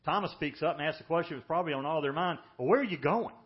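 Male pastor, higher-pitched voice, emphatic sermon delivery with hushed drops, muffled recording. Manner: emphatic preaching, drops to hushed, slow lines for weight. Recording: dull lo-fi sermon audio.

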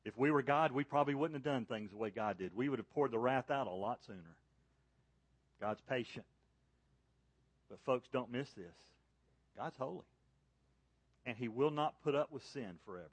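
A man preaching a sermon to a church congregation, rising to loud, high emphasis on key points and falling soft and low in prayer. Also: moderate pace, pauses often, husky, no room sound. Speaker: pastor. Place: church service.

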